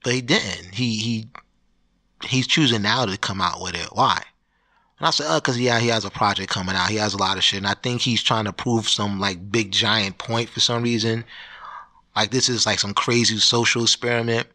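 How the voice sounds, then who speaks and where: A man's voice: on the low side, moderate pace, pushed and bright. A man hosting his own podcast, ranting in a loose, profane, rambling way with many restarts. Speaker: podcast host. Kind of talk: solo podcast rant.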